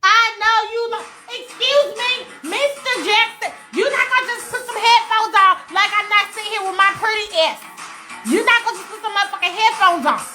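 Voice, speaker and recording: A woman voicing a brassy, sassy young female pop star who is loud, crude and mouthy in a comedic fanfiction retelling. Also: very high voice, expressive, fairly quick, hardly any pauses, roomy sound, faint music behind, pitched above the performer's own voice, heavily acted.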